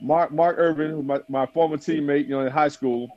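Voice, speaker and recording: A man's voice: fairly high pitch, steady tone, a little fast, dry recording. Guy from south florida hosting over his cell, teasing and loose, kinda muffled lo-fi sound. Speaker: host. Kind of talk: casual chat on a phone call. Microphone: cell phone. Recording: dull lo-fi phone audio.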